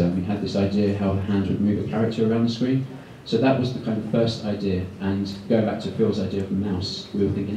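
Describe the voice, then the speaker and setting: Fast-talking man lecturing in an echoey room. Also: lowish voice, warm tone. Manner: quick, loose, with many ums. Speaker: guest speaker at an art school. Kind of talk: presentation to students. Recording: echoey room, far from the mic, faint noise.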